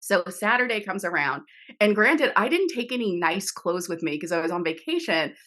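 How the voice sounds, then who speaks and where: A middle-aged woman recounts a story over a video call. She talks animatedly, laughing and restarting her sentences often. Her pitch sits in an ordinary middle range. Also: big pitch swings, normal speed, pushed and bright. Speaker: author guest. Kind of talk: casual interview storytelling.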